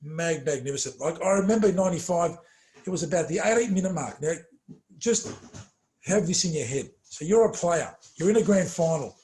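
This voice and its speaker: A middle-aged man chats casually in an interview. His voice sits a bit high and he tells stories with animated stress and plenty of fillers, often trailing off quietly. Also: a little fast. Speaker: former footballer, interview guest.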